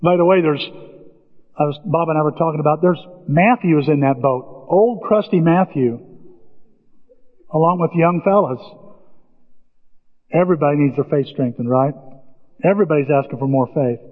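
A man preaching a sermon as a pastor, telling stories with animated delivery. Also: a little high, normal speed, pauses often. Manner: animated storytelling, acts out biblical voices. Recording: dull, reverberant church recording.

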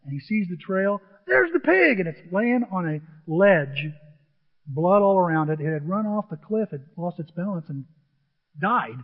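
A man telling a humorous story to an audience in an animated, chatty way, often repeating himself. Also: sits high, moderate pace. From grew up on a farm. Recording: dull, with long hall reverb.

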